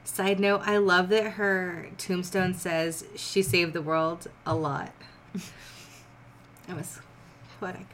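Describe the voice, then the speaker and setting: A woman's voice: lowish voice, little pitch movement, slow, long pauses, fairly bright tone, slight background noise. A woman casually reading a story aloud on a podcast, breaking off for blunt, swearing asides.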